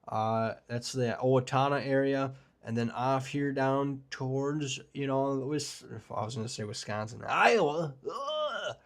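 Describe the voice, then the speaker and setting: A man's voice: medium pitch, fairly even intonation, a little slow, hardly any pauses, clear, resonant tone. Casual rambling male weather streamer. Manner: casual, rambling, enthusiastic about storms, many fillers. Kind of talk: live forecast discussion with chat.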